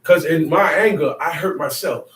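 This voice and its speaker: High-voiced man teaching in an echoey room. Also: normal speed. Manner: emphatic, acts out quotes, sometimes shouting. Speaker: bible study teacher. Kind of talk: animated spoken teaching. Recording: echoey room, mic far off, faint noise.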